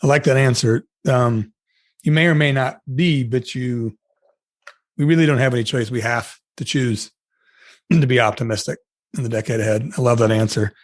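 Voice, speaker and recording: A man's voice: medium pitch, fairly even intonation, normal speed, dry recording. Friendly male podcast host, dry sound. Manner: friendly, appreciative wrap-up. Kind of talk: interview conversation.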